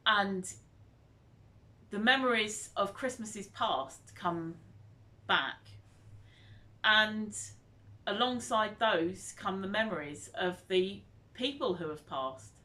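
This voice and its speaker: A woman in her fifties chatting casually as a vlogger, animated and nostalgic as she reminisces. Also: medium pitch, slow pace, pauses often. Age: 50s.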